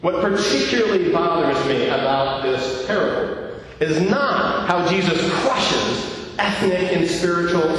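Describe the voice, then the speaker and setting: A man's voice: high-pitched, a bit bright. A male pastor preaching a sermon in a church, putting questions to the congregation and joking at his own expense. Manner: questions the congregation directly, self-deprecating humor. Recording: echoey church hall, miked from far off.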